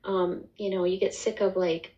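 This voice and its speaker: A woman's voice: medium pitch, level tone, moderate pace, warm tone, highs cut off. A woman on a video call telling her personal story in a rambling, emotional way, laughing often. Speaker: community member sharing her story.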